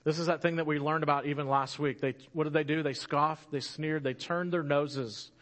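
A man preaching a sermon in an animated storytelling way, rising louder for emphasis and dropping soft and slow at key moments. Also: fairly high pitch.

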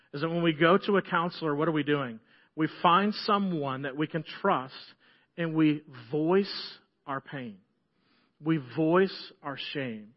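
A middle-aged man preaching a sermon as pastor, earnest, often dropping to a soft hush on key phrases. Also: a little high, lo-fi sound.

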